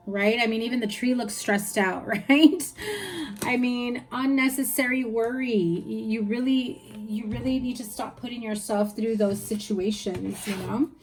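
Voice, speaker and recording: A woman's voice: on the high side, a little mellow, a little hiss or hum. A woman giving a casual tarot reading to viewers, chatty and reassuring, often checking in with "right?" and "you know". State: hiccups. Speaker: tarot reader.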